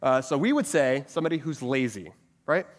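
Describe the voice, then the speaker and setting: A man's voice: mid-range voice, lively intonation, fairly quick. Man preaching in a long-reverb hall. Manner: asks many rhetorical questions and repeats a catchphrase. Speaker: pastor teaching a group. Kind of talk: sermon-style teaching talk.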